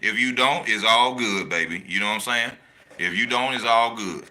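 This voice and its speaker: A man hosting a casual boxing talk show, animated and slangy, repeating his points for emphasis while he reads the chat. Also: mid-range voice, moderate pace. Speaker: boxing channel host.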